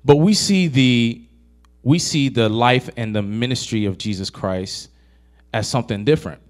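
A man's voice: mid-range voice, moderate pace. A man preaching a casual, conversational sermon to a young adult group, asking the audience questions and retelling film scenes. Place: church hall.

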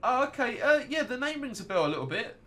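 A man's voice: very high-pitched, sing-song, fast, sharp tone. An American man streaming a game live, chatting casually and rambling to his viewers. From United States.

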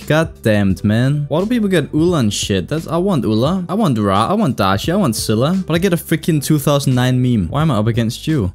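Excitable young man cursing through gameplay. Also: medium pitch. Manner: excitable, swearing, reacts loudly to the game. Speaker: gaming YouTuber. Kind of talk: live gameplay commentary.

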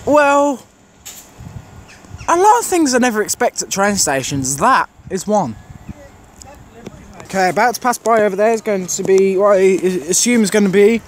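A man's voice: high voice, expressive, moderate pace, long pauses. A man vlogging at a railway station, casually calling out arriving trains, services and unit numbers and correcting himself as he goes. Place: outdoors on a railway station platform. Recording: loud outdoor station noise.

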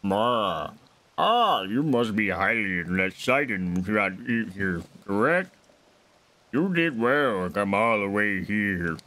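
A man's voice: lowish voice, sing-song, takes it slowly, bright, forceful tone, exaggerated voice. A man voicing a giant, regal old fish king, using formal old-fashioned speech. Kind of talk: voicing game dialogue on a stream.

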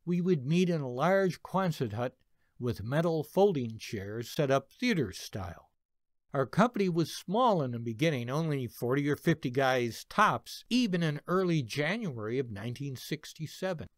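A man in his seventies, a veteran narrating a personal army story in a slow, expressive way. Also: a little high, no room sound, studio quality. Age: 70s. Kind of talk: reading a personal war story.

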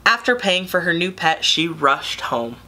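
A woman reading a children's picture book aloud in a gentle, steady storytime voice. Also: fairly low pitch, unhurried.

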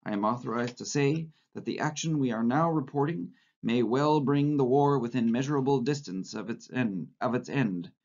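A male teacher voicing a rasping state news announcer who proclaims a war bulletin from a novel. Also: mid-range voice, moderate pace, hardly any pauses, a little mellow, close to an everyday voice. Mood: proclaiming. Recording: slightly dull lo-fi recording.

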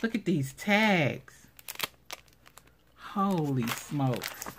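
Gushing low-voiced woman unboxing crafts. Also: very animated, extremely slow, noisy background. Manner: gushing, exclaims over each item. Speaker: craft vlogger showing giveaway prize. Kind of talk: casual unboxing commentary.

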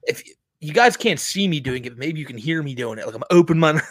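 A man co-hosting a podcast, making casual, animated and profane commentary and laughing often. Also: a little high, brisk, dry recording. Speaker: podcast co-host.

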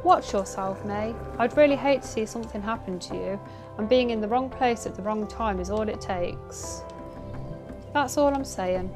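A woman voicing a stern middle-aged female police officer who delivers slow, earnest, ominous warnings. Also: medium pitch, over music, natural voice.

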